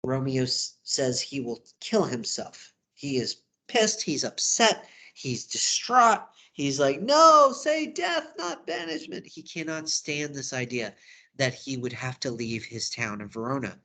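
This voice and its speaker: A man's voice: mid-range voice, expressive, unhurried, pushed and bright. A man teaching drama, walking through a study guide in a casual, conversational way. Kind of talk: lesson recap video.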